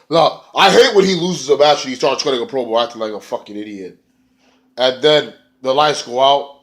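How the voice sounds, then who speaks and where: A man casually reviewing a wrestling show, excitable and profane, rambling with fillers and jumping into high squeaky voices for quotes. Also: brisk.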